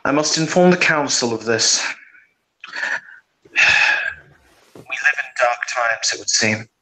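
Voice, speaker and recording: A man's voice: medium pitch, bright, forceful tone, slight background noise, low-quality recording. A man playing a weary, commanding mage lord. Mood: troubled. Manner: weary, measured, formal. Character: tall, powerful, authoritative male mage leader.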